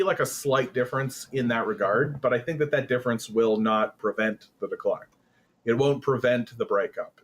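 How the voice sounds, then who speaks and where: A man from Canada hosting casual political commentary, rambling with lots of fillers and breaking into sarcastic jeers. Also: mid-range voice.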